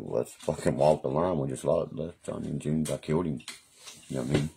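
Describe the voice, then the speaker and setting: A man's voice: very deep voice, fairly even intonation, fairly quick, gravelly, mellow, slightly rough. A man rambling profanely and boastfully through stories on a live stream. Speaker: livestreamer.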